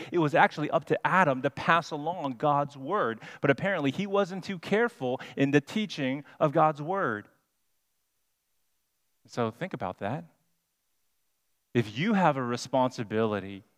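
A man preaching a sermon as pastor, deliberate and emphatic, stressing single words. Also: mid-range voice. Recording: long hall reverb.

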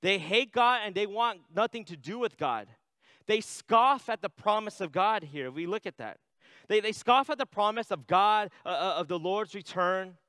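A man's voice: high voice, animated, moderate pace, bright, forceful tone, clear, resonant tone, no echo. A man preaching a sermon in a conversational way, reading scripture aloud and adding "right?" asides. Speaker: pastor.

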